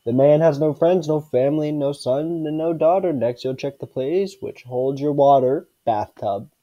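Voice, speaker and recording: A man reading a creepy rhyming storybook aloud, slowly and stumbling over words. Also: a little high, no room sound, highs cut off, natural voice. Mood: eerie. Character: spooky storybook narrator.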